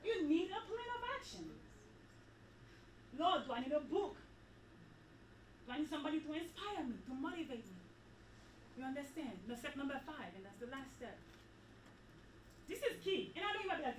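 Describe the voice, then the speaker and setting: A woman giving a motivational talk to a women's group, animated and preachy, repeating phrases for emphasis. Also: high-pitched, normal speed, pauses often, recorded from a distance, slight background noise. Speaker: retreat speaker. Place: event hall. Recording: echoey hall, speaker off-mic.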